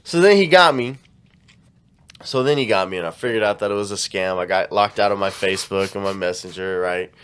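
A man's voice: on the low side, a little fast, clear, resonant tone. A man telling a story in casual chat, slangy and profane, acting out what people said. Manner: animated storytelling, acts out quotes, slangy and profane.

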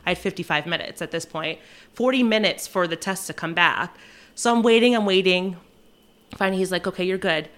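Lively young woman telling a story. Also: lowish voice. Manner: lively, rushes and acts out quotes, laughs often. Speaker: flight attendant telling a travel story. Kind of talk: animated casual storytelling.

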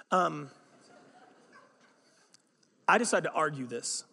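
A man's voice: fairly high pitch, slow, vocal fry, pauses often, pushed and bright. A man preaching a sermon as a pastor, telling stories in a conversational way with self-mocking humor, recorded in a church sanctuary. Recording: long hall reverb.

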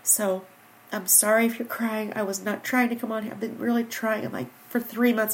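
A woman's voice: on the high side, steady tone, moderate pace, a little hiss or hum, low-quality recording. A woman hosting a personal podcast, speaking earnestly into a microphone, tearful and fighting back crying. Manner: heartfelt, earnest, repeats herself. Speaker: podcast host. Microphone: studio microphone.

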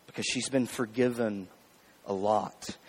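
A man's voice: lowish voice, fairly even intonation, measured pace, long reverb tail. A man preaching a sermon, talking to the congregation in a conversational way. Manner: conversational preaching, addressing the crowd with "y'all". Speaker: pastor.

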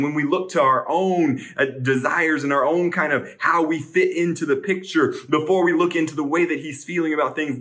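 A man delivers a sermon in an earnest, searching way. His voice sits in a middle pitch and climbs into urgent pleading as he presses his questions. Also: a bit bright. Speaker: preacher.

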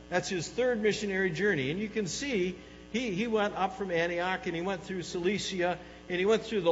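Guy preaching a sermon, high voice, gets loud then goes quiet, dull echoey hall with some hum. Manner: animated storytelling, swings from loud to hushed. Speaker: pastor.

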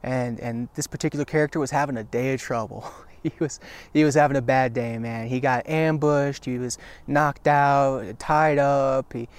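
A man speaks to camera in an earnest, encouraging devotional talk, his voice sitting at an ordinary middle pitch. He leans on repetition for emphasis and often breaks off to restart his sentences. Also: fairly even intonation, clean tone. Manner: halting with frequent restarts. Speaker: Christian video teacher.

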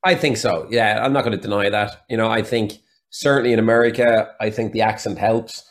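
A man's voice: on the low side, steady tone, brisk. An Irish man talking as a podcast guest, telling stories in a chatty, candid way. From Ireland. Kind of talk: casual interview chat.

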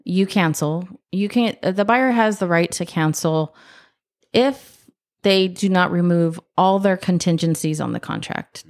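A woman with a slightly low voice explains the process as a podcast co-host. She talks briskly, in quick bursts, with casual asides. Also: darkish tone. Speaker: podcast co-host, escrow professional.

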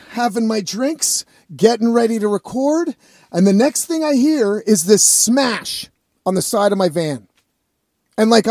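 A man's voice: high-pitched, a little mellow, no room sound, clean studio sound. A man telling a rambling, profane story in a casual vlog.

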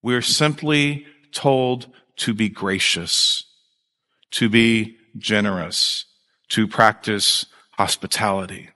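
A male pastor preaching a sermon in a conversational, animated way, with jokes and asides to his congregation. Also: lowish voice, takes it slowly, big-room sound.

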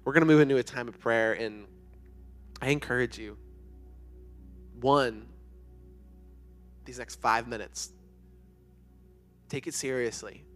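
A young man gives an earnest sermon to students in a church youth room. He talks in a loose, conversational way, full of fillers, at a middle pitch. Faint music plays underneath. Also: a little slow, pauses often, fairly bright tone. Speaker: youth pastor.

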